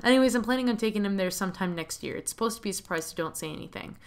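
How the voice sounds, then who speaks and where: A woman voicing a friendly, easygoing middle-aged male mechanic who teases and jokes in a relaxed way. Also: medium pitch, racing, creaky, clear, resonant tone, natural voice. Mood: teasing.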